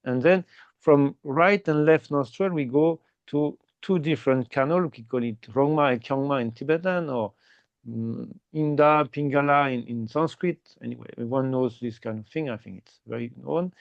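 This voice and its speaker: A man teaching meditation in slow, simple English with small grammar slips, checking in often with "okay?". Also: medium pitch, gravelly, no echo, muffled recording. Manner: explains slowly and repeatedly, ending phrases with "okay?". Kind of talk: guided meditation instruction.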